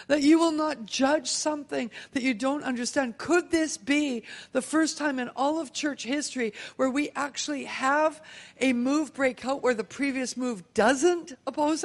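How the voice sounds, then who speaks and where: A woman preaching a sermon, telling a personal testimony with lively, emotional storytelling. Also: sits high, vocal fry. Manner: animated storytelling, laughing and emotional.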